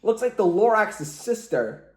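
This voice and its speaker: Man putting on a panicky cartoon newscaster, high voice, lively swings, echoey room. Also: measured pace. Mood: alarmed. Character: excitable male news broadcaster.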